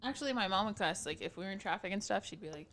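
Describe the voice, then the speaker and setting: A woman co-hosting a podcast in casual chat, frank and joking, with quick asides. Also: mid-range voice, expressive, a bit bright. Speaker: podcast co-host.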